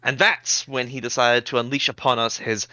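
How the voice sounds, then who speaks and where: A man's voice: medium pitch, little pitch movement, moderate pace, bright, forceful tone, no room sound. A man giving a rambling, casual recap of the last session of a tabletop game, with many ums.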